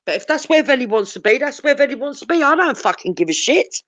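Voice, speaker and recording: A woman's voice: sits high, animated, fast talker, a bit bright, no echo. A woman ranting bluntly and confrontationally, swearing heavily as a live-stream talk host. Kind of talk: heated profane rant. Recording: dull lo-fi audio.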